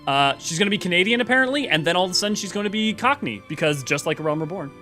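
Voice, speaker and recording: A man's voice: high voice, expressive, very fast, bright, forceful tone, faint music behind. A man hosting a game lore stream, chatting casually and rambling in a self-deprecating way while reading a story. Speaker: lore channel host.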